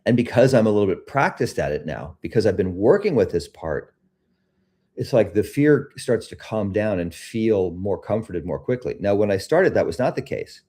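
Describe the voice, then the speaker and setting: A middle-aged man hosting a live self-help talk, speaking reflectively about fear and then gently guiding listeners through a body meditation. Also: on the low side, big pitch swings, moderate pace. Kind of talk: casual talk leading a guided meditation.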